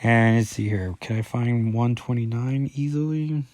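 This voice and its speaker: A man's voice: mid-range voice, moderate pace, a little mellow, dry recording. A man casually talking through a comic book issue as a reviewer, rambling and correcting himself often with lots of fillers.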